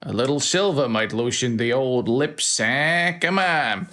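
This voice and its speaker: A man's voice: mid-range voice, lively intonation, a little slow, pushed and bright, slight background noise. A man voicing a pushy, money-grubbing male street informant with a put-on tough-guy accent and nagging patter. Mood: wheedling.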